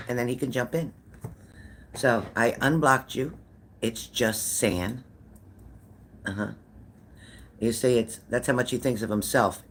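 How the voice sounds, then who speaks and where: A woman's voice: a bass voice, slight background noise. An older woman, a psychic medium, chatting casually with viewers on a live stream, greeting them by name and repeating herself.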